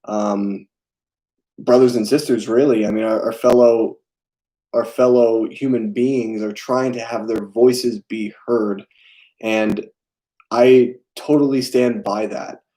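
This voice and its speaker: Mellow-voiced young man chatting on a live stream. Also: mid-range voice, steady tone, slow pace, rough recording. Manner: hesitant, many fillers, reads and answers chat. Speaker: film channel host. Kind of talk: casual live stream chat.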